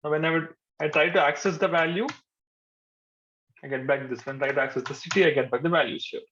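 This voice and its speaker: Guy teaching coding live, slightly high voice, keeps saying okay, dull recording. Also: fairly even intonation, fast talker, a bit bright. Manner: patient, repeats points, says "okay" often. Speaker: programming instructor. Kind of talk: live coding lecture to a class. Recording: dull lo-fi sound.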